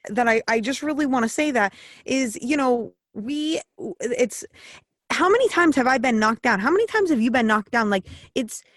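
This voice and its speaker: A woman's voice: fairly high pitch, expressive, normal speed, no echo. A woman hosting a podcast in casual interview chat, frank and rambling, swearing freely as she talks. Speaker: podcast host.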